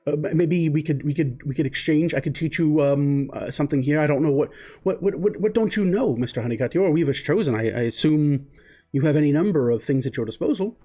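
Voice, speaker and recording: A man's voice: a little high, fast talker, mellow, soft background music, close to an everyday voice. A man voicing an eager, polite young male recruit who stammers and speaks formally.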